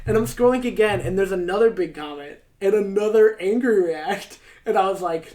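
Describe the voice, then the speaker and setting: A man's voice: high-pitched, animated, normal speed, few pauses, reverberant. A young man co-hosting a casual podcast, telling a rambling story full of fillers and swearing. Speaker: podcast co-host. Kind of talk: casual chat.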